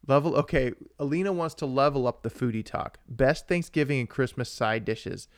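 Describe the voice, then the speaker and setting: A young man co-hosting a live-streamed podcast, chatting casually in a rambling, excitable way while he answers viewers. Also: medium pitch, moderate pace, no echo, studio quality. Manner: rambling and excitable, with frequent restarts and asides to viewers. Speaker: podcast co-host.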